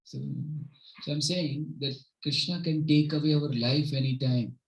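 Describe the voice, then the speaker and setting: A man's voice: on the high side, steady tone, a little slow, rough recording. A man leading a home gathering, giving an informal devotional talk with stories in an earnest manner and often checking in with his listeners.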